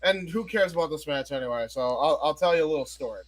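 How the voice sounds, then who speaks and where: A man co-hosting a live wrestling watch-along, chatting casually and telling a joke with animated restarts. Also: on the high side, quick pace.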